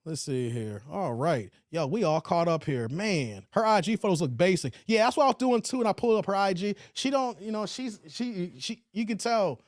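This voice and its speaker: Through a streaming setup, a high-pitched man with lively intonation talks at normal speed and rarely pauses; the recording is dry and studio quality. He hosts a casual livestream chat, reading comments from viewers in a laid-back, slangy manner and often closing with "man" and "y'all."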